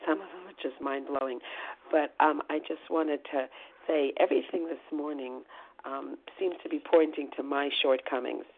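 A middle-aged woman from New Jersey sharing at a recovery meeting, halting with many ums and restarts. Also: rumbling low, a little hiss or hum. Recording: tinny phone line.

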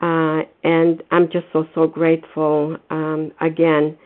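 A woman's voice: sits low, monotone, slow. A woman calling in to a recovery meeting, sharing earnestly and gratefully, slipping into livelier voices when she quotes others. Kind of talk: phone-in recovery meeting share. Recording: tinny phone line.

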